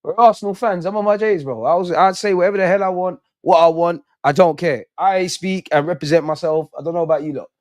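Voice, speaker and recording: A man's voice: sits high, fast talker, few pauses, a little mellow. A young man doing a live football watch-along, swearing, pleading with the players and throwing in lots of slang. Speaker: football fan streamer.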